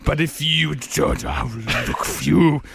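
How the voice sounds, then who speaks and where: A man doing a put-on American accent as a grim father threatening his daughter's kidnappers, speaking low, intense and halting. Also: gravelly, background noise. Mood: menacing. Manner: low, intense, halting delivery under a speech jammer.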